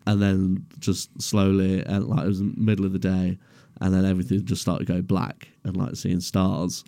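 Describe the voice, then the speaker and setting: A young man with a deep, gravelly voice tells a story casually. His tone is dark and mellow, and the sound is dry and close. He swears freely and laughs through his own story. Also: monotone, moderate pace, no echo. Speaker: podcast co-host. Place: garage.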